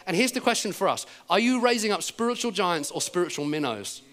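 An English man preaching a sermon at a church service, his voice sitting a little higher than most men's. He tells stories with lively energy and slips into the voices of the people he quotes. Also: a little fast. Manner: animated storytelling, acting out quoted speech.

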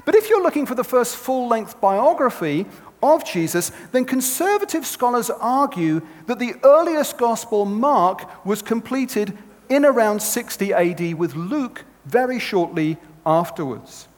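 A man giving a sermon to a live audience, telling stories in an animated, conversational way. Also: extremely high pitch, a little slow. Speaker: speaker. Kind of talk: sermon with storytelling. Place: large hall with an audience. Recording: long reverb in a hall.

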